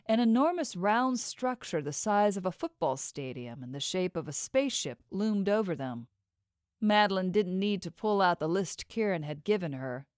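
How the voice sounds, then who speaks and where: A woman narrating a novel as an audiobook in an even, measured reading. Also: on the low side, clean tone, no echo, clean studio sound. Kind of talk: scripted narration.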